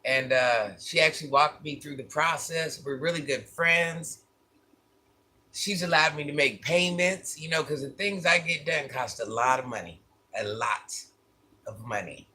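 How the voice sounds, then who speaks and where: Husky, bright-voiced man telling a story. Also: a little high, a little slow. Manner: candid, repeats phrases for emphasis. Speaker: vlogger. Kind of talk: casual storytelling to viewers.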